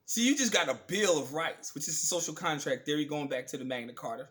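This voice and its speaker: Male channel host, fiery profane lecturer, high bright voice, hammers his points home. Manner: emphatic, profane, preachy, slows down to stress words. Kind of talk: ranting political commentary monologue.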